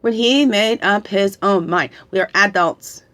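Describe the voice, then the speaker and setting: A woman's voice: medium pitch, a little slow, a bit bright. A middle-aged woman, tearful, leading a reflective spiritual guidance talk as a tarot reader, coaxing listeners with questions and a constant "right?".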